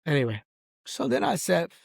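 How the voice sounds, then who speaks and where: A man's gravelly voice, on the high side with wildly swooping pitch, comes at a moderate pace in a dry, clean studio recording. This vlogger delivers a rambling, angry, boastful rant while smoking a cigar, constantly saying "bro" and "dog."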